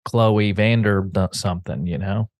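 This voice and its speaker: A male podcast host reading listener letters aloud, halting and hesitant over names. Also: lowish voice, a little mellow, no echo, clean studio sound.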